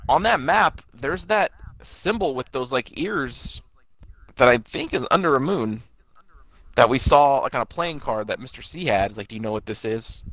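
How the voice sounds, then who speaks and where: A man's voice: medium pitch, lively intonation, normal speed, a bit bright, dry recording, low-quality recording. A man talking casually and profanely, rambling through his thoughts with fillers and restarts. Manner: rambling, swearing, trailing off with fillers. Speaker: podcast co-host. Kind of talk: casual recap chat.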